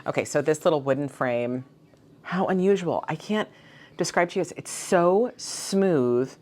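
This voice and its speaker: A woman's voice: deep voice, lively intonation, a little slow, a little mellow. A woman chatting through her thrift haul in a bubbly, gushing way, showing off each find. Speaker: vintage reseller vlogger. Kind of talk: casual thrift haul show-and-tell.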